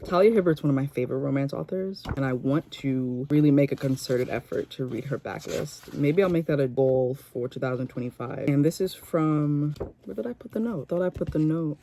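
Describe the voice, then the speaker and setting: A woman's voice: very deep voice, mellow, a little hiss or hum. A young woman in a casual, chatty reading vlog, talking into a phone she holds, with lots of "like" fillers. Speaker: book vlogger. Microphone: phone held by hand.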